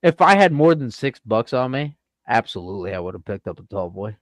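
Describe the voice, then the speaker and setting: A man with a New England accent, co-hosting a fishing podcast and telling a story in casual chat, animated, with many stammered restarts. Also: mid-range voice, a little fast, no room sound. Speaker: podcast co-host.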